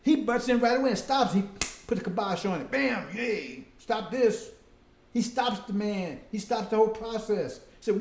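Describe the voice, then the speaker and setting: A man's voice: sits high, normal speed, darkish tone, echoey room. A man preaching a casual, conversational sermon, often breaking in with "see?" and "right?".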